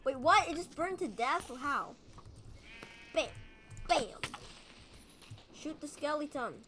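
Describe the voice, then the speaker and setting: A woman giving casual gameplay commentary as a video host, excitable, pleading with and scolding creatures in the game. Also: high voice, takes it slowly, very noisy. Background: background music.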